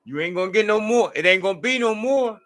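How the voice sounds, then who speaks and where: A man's voice: high voice, animated, fast, a bit bright, voice pushed up. A man putting on the voice of a nagging mother, insistently scolding her sleepy kid awake.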